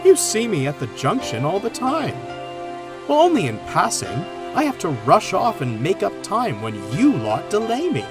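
A proud, pompous steam engine, as a man puts him on, talking in a raised voice full of lively swings. The reading runs over clear background music. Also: high voice, moderate pace, voice pushed up, full character voice. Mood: sheepish. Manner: pompous, haughty, later apologetic. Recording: music playing underneath.

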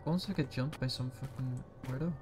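A man casually commenting while playing a horror game, excitable and swearing freely. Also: medium pitch, fast talker, music in the background. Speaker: gaming channel host.

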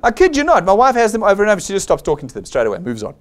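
A man's voice: sits high, huge pitch swings, very fast. A man with a South African accent giving a blunt, persuasive motivational sales seminar, acting out the people he quotes. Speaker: seminar presenter.

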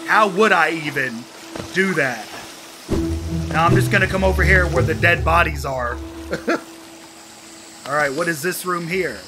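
A man playing a video game and commenting excitedly, talking to himself as he goes. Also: fairly high pitch, a little slow, long pauses, music in the background. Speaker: gaming YouTuber. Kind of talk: let's play commentary.

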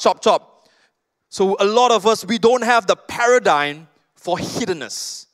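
A man with a Malaysian accent preaching a sermon as pastor, telling stories with lively, casual asides. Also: high voice. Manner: animated storytelling with casual asides.

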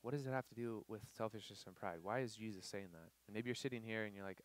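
A young man preaching a casual youth sermon, animated, with many fillers and acted-out quotes. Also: lowish voice, fast, hardly any pauses. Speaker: youth pastor. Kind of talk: sermon to students.

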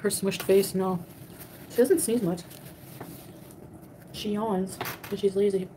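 A young woman hosts a casual livestream from home, chatting with viewers and greeting them by name between mouthfuls of food. Her voice is mellow and soft-edged, picked up by a home webcam mic with a faint hiss of background noise underneath. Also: mid-range voice, fairly even intonation, slow, low-quality recording. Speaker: livestream host. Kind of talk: casual livestream chat while eating.

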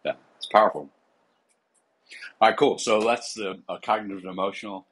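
A man's voice: fairly low pitch, fairly quick, fairly bright tone, husky, rough recording. A man, a psychotherapist and coach, talking casually in a podcast interview, with many fillers.

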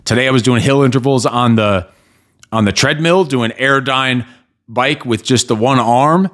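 A man's voice: medium pitch, normal speed, fairly bright tone. A man hosting his own podcast, talking in a blunt, motivational way with casual swearing. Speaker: podcast host. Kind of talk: casual solo podcast monologue.

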